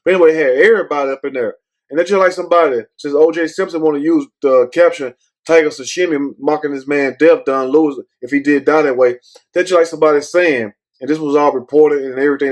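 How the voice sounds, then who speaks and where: This commentary show host has a medium-pitched, somewhat dark voice. He rambles casually and bluntly, swears often, and keeps steering back with "but anyway."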